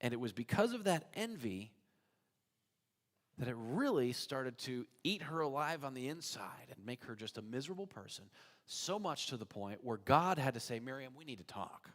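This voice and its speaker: A man preaching a sermon as pastor, telling a story in an animated way. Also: mid-range voice, normal speed. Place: church sanctuary. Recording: church hall reverb.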